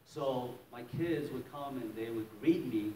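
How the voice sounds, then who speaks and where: A man's voice: medium pitch, unhurried, mellow, a little hiss or hum. Man pastor, storytelling sermon, chuckling, echoey hall, distant mic, faint ambience. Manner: storytelling, chuckling often, acting out quotes. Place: church hall.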